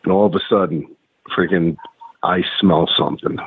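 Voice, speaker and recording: A man's voice: sits low, fairly even intonation, normal speed, breathy edge, dry recording. A man, a guest and former pro wrestler, telling rambling, profane stories in casual chat with lots of restarts. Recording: tinny phone-like line, dry.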